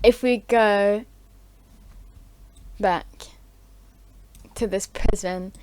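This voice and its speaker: Slow rambling woman making up a story. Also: medium pitch, steady tone, darkish tone, clear, resonant tone. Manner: rambling, filler-heavy, giggly.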